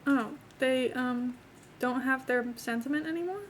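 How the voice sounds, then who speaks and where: A young woman with a notably high voice rambles through a casual live stream, talking to her viewers and to the characters in her game. A faint hiss sits under her voice. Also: unhurried. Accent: not from England. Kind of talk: casual live-stream chat while playing a life-sim game.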